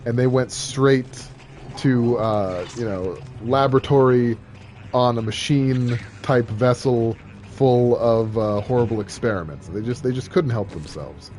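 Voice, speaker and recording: A man's voice: medium pitch, unhurried, a little mellow. Rambling, joking male streamer. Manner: rambling, joking, many fillers. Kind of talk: casual gameplay chat. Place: home streaming setup. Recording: game audio noise underneath.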